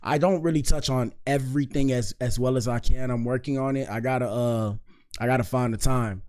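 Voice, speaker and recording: A man's voice: medium pitch, steady tone, brisk, darkish tone. A man hosting a casual live-stream commentary show, talking loosely and slangily and peppering his lines with "bro" and "dog". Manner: laid-back, slangy, keeps saying "bro" and "dog".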